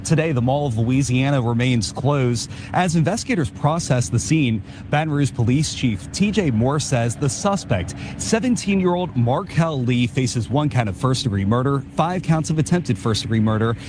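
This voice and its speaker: A man reporting live for the news, steady and measured. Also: mid-range voice. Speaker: field reporter. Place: outdoors in a city. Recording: outdoor street noise. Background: traffic noise.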